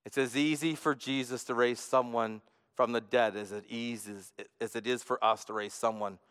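A man preaching a sermon as a pastor, earnest, moving between hushed and emphatic delivery. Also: mid-range voice, clean tone. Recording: long reverb of a large hall.

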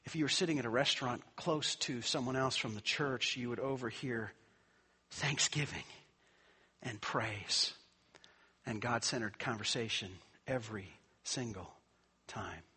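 Husky, bright-voiced male pastor preaching. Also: mid-range voice, moderate pace. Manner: conversational storytelling, rising to emphatic preaching. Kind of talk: sermon with personal story.

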